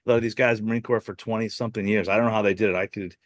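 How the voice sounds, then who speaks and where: Deep-voiced fast-talking man from Boston. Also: fairly even intonation, no echo, clean studio sound. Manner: rambling storyteller, heavy "you know" fillers and self-restarts. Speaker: podcast host. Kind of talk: casual interview chat.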